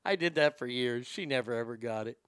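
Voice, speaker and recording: A man hosting a talk show, telling a childhood story in a casual, wry and animated way, with some swearing. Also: medium pitch, fairly quick, clear, resonant tone, no room sound, clean studio sound.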